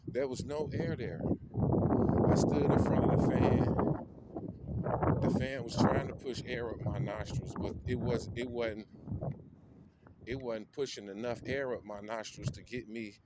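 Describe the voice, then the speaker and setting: Slow, teary man talking while walking. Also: medium pitch, fairly even intonation. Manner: slow, emotional, repeats phrases, street slang. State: teary-eyed. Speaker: vlogger. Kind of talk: walking vlog, personal storytelling. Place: outdoors on a city street, walking. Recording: outdoor street noise, passing cars.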